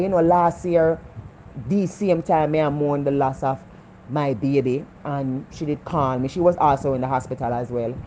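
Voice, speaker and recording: A Jamaican woman speaks in a low, warm voice, preaching life lessons in a heartfelt motivational vlog. She repeats her points with earnest conviction. The recording is slightly dull, with faint noise behind her. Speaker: vlogger.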